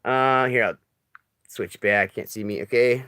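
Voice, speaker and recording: A man talking in a rambling, halting confessional video diary, emotional as he comes off substances, often trailing off quietly. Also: mid-range voice, clean tone, dry recording, clean studio sound. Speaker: vlogger. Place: living in a stuck bus in the desert.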